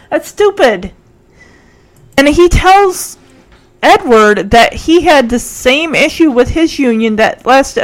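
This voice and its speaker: A woman's voice: high voice, poor audio. A woman casually retelling a TV episode in a chatty way, leaning on "like" constantly. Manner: chatty, filler-heavy, frequent "like". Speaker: episode recapper.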